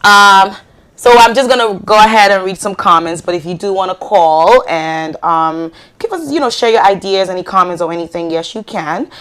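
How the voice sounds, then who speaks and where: A woman's voice: mid-range voice, moderate pace. Chatty woman hosting a live call-in show. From Ghana. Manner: chatty, laughing, many fillers and shout-outs. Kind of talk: casual live show hosting, reading viewer comments.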